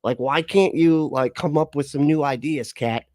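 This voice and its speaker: A man's voice: a little high, moderate pace, a little mellow, no room sound, clean studio sound. A man giving mocking reaction commentary on a live stream, sarcastic and laughing, often swearing.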